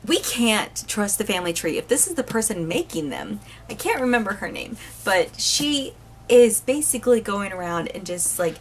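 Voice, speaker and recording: Woman, casual book reviewer, animated, exasperated, rambling, quick to laugh. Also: medium pitch, a little hiss or hum.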